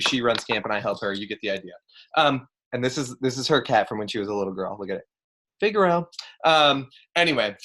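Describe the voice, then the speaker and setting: A young man with a bright, clear tone talks staff through a camp training in a loose, joking way. He fills gaps with ums and asides, and his pitch sits mid-range. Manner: chatty, joking, many fillers. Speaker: camp director. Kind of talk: casual training talk.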